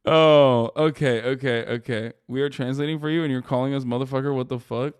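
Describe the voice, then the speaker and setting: A man's voice: medium pitch, brisk, clean tone, dry recording. A man streaming live, chatting casually, swearing, laughing and mocking with sarcastic banter. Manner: swearing, laughing, animated outbursts; joking, sarcastic banter with chat. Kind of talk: casual livestream chat.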